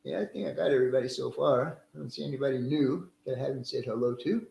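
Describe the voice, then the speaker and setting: A man's voice: mid-range voice, fast talker, gravelly, mellow, roomy sound, a little hiss or hum, rough recording. A middle-aged man casually hosting a live stream, greeting viewers by name in a friendly, chatty way and laughing easily.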